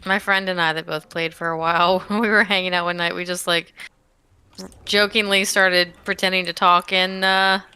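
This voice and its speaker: A woman's voice: on the low side, level tone, moderate pace, bright, forceful tone, smooth. A woman telling an amused story in casual voice chat during an online game. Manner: amused storytelling, laughing along. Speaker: gamer co-host. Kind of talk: casual voice-chat banter while gaming.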